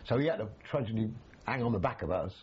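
An older man, recalling his army days in an animated, storytelling way, full of restarts. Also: lowish voice, quick pace, slightly rough, dull audio. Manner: animated, acts out quoted voices, frequent restarts. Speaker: army veteran interviewee. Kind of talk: storytelling reminiscence.

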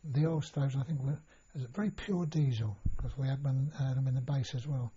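A man's voice: mid-range voice, moderate pace, warm tone, husky. An older man recalling his past in an oral history interview, rambling with many restarts and fillers. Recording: dull lo-fi recording.

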